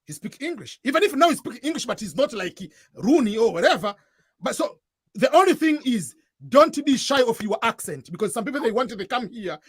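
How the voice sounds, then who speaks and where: A man's voice: very high voice, breathy edge, no echo. A man from East Africa with an East African accent, giving earnest advice in a casual chat and often repeating and restarting his phrases. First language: Swahili. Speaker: guest giving advice to newcomers.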